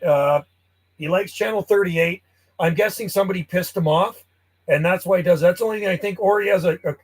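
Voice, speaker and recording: Casting: man, high voice, chatty and blunt radio operator calling on the band. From Canada. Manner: chatty, blunt, clears throat often. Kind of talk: casual radio chat and calling.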